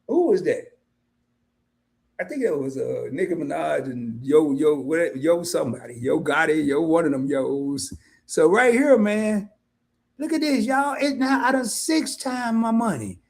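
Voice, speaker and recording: A man's voice: expressive, measured pace, gravelly. A man hosting an investing livestream in a casual, colloquial way, addressing viewers directly as "y'all". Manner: mimics worried investors in high voice.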